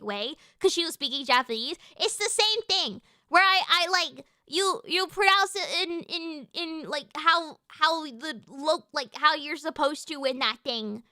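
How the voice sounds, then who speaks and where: A woman streamer chatting casually on a live stream, rambling and animated, often restarting her sentences and swearing now and then. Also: sits high, no echo, clean studio sound.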